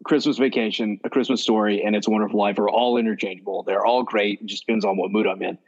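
A man co-hosting a podcast in casual chat, relaxed, swearing freely and asking questions. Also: on the low side, fast. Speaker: podcast co-host. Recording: dull lo-fi audio.

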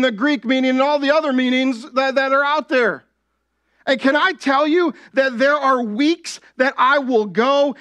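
A man's voice: very high voice, bright, forceful tone. A young adult man preaching a sermon as pastor, talking conversationally and often asking the congregation "right?".

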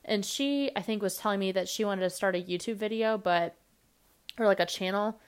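A young woman hosting her own podcast, talking fast and rambling casually with lots of fillers. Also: medium pitch, clear, resonant tone. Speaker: podcast host. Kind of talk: casual solo podcast monologue.

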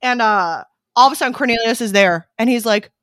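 A woman's voice: on the high side, brisk, fairly bright tone, no room sound, studio quality. A woman in casual chat, animatedly retelling a holiday movie plot with swearing and many fillers.

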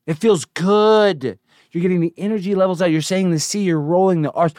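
A man hosting a comedy show, delivering a brash, swaggering rant that keeps slipping into sing-song chants and sudden shouts. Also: high-pitched, brisk, dry recording, clean studio sound.

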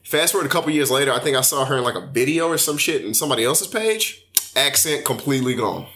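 A young man in casual podcast chat, telling stories with animated quoted voices. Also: mid-range voice, fast talker.

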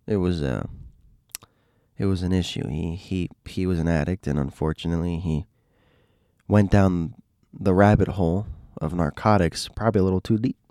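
Deep-voiced man telling a story. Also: normal speed, no room sound, clean studio sound. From Miami. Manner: animated, rambling with restarts. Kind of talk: casual storytelling monologue.

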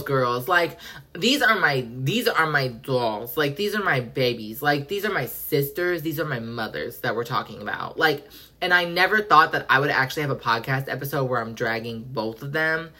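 Sassy low-voiced woman podcast host. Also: expressive, moderate pace, pushed and bright. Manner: sassy, profane, emphatic with lots of "like" and slang. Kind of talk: casual pop-culture rant.

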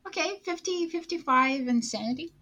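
A woman playing a tabletop role-playing game, expressive and swearing freely. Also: high-pitched, normal speed. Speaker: player.

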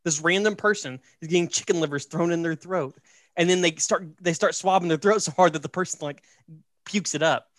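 Speaking fairly quickly, this man with a fairly high voice hosts a podcast and runs through a story in an animated, joking, casual way. "Right?" and "like" pop up constantly, captured in a close, dry recording.

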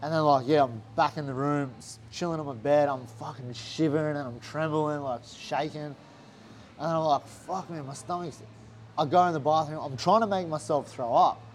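A young Australian fighter tells a story in a casual interview, swearing a lot and animatedly acting out what others said. His voice is a little high at normal speed, with slight background noise.

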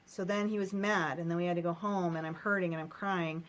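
A woman's voice: on the low side, fairly even intonation, fairly quick. Emotional woman retelling a painful memory. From United States. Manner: emotional, repetitive, recounts childhood pain in short phrases. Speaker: guest. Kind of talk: personal storytelling in a coaching session.

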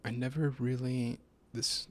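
A man's voice: medium pitch, little pitch movement, a little slow. A young adult man co-hosting a casual podcast, laid-back and hesitant, often trailing off mid-thought. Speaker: podcast co-host. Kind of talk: casual chat.

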